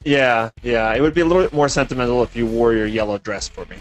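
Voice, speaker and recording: A man co-hosting a casual gaming chat, relaxed and full of fillers. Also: mid-range voice, fast talker, soft background music, rough recording. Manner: relaxed, lots of fillers and "you know". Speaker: co-host.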